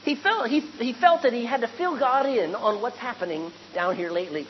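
A woman's voice: on the high side, normal speed, in a large hall, muffled recording, slight background noise. A woman preaching a sermon to a congregation, asking rhetorical questions and acting out the lines she quotes.

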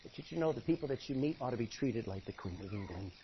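A man preaching a sermon, acting out Bible characters and swinging between hushed and loud delivery. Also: medium pitch, animated, quick pace, dull audio, a little hiss or hum. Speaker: pastor.

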